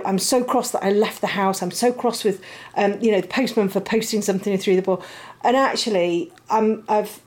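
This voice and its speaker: A woman's voice: mid-range voice, darkish tone. A middle-aged woman, chatting casually and rambling at home as a podcast host, laughing often. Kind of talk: casual chat. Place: home, puppy nearby.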